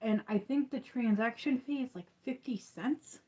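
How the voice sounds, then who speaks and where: Woman, casual livestream host, soft warm tone, rambling delivery, muffled lo-fi sound. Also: a little high, moderate pace. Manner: rambling, restarts with many fillers. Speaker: crochet channel host.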